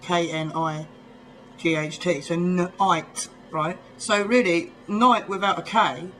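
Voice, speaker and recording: A man's voice: fairly high pitch, fairly even intonation, measured pace, fairly bright tone, slight background noise, low-quality recording. A man from near London with a southern English accent, vlogging in a casual, rambling way full of ums. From England, near London. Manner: rambling, chatty, full of ums and little laughs. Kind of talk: casual chat to camera.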